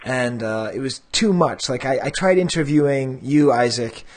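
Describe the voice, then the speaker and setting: A man's voice: mid-range voice, normal speed. A man hosting a collectors' podcast, chatting in a rambling, self-deprecating way. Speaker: podcast host. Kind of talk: casual podcast chat.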